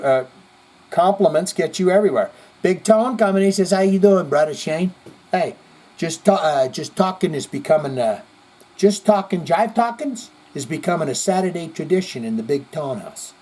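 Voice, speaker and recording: A male podcast host reading viewer comments in casual, rambling commentary, animated and profane, jumping between loud outbursts and mutters. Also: on the high side, normal speed. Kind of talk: casual live-chat commentary.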